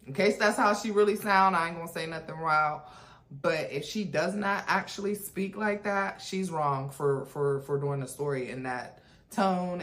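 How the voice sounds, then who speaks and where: Low-voiced woman reacting casually. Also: a bit bright. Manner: chatty and frank, with many fillers and asides. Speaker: reaction channel host.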